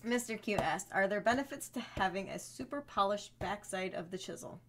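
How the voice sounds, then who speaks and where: A woman's voice: medium pitch, fairly quick, noisy background. A woman co-hosting a live stream, reading out viewer questions in a playful, giggly way.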